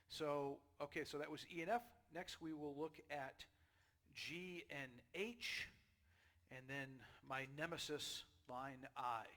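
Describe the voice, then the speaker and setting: A man giving a casual drum lesson, chatty and relaxed, checking in with "okay?" and "right?" as he explains. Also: fairly high pitch. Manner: counts beats aloud loudly while drumming. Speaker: drum teacher. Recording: drum kit playing behind the voice.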